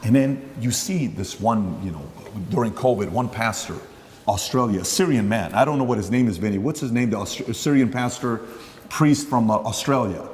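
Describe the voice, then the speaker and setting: A man's voice: medium pitch, normal speed, darkish tone, long reverb tail, a little hiss or hum. A man hosting a podcast interview, talking in a rambling, conversational way and acting out quoted dialogue. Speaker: podcast host.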